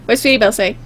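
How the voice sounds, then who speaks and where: Giggly woman playing a game. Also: high-pitched. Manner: giggly, playful, joking. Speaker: gamer. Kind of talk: casual game commentary.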